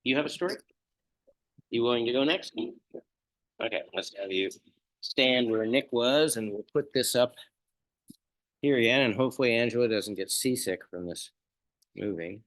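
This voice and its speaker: Man running a meeting, casual, mid-pitched voice, dry sound. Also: normal speed, pauses often, a bit bright, no echo, poor audio. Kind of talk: casual chat.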